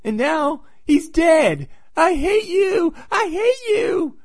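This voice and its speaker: A man voicing a hysterical, grieving woman who shrieks and wails in a falsetto. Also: very animated, slow pace, dry recording, studio quality, heavily acted. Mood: hysterical grief. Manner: shrieking, wailing.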